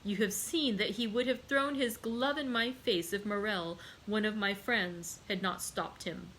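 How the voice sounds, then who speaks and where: A woman reading aloud and voicing a vengeful aristocratic count who speaks with calm, measured iciness. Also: mid-range voice, a little hiss or hum, close to an everyday voice, poor audio. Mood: cold.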